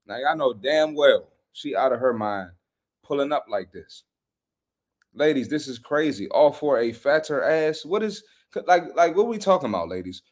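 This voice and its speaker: A man hosting a fitness podcast, giving blunt, animated reaction commentary on social media posts with slangy trash talk. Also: mid-range voice, moderate pace.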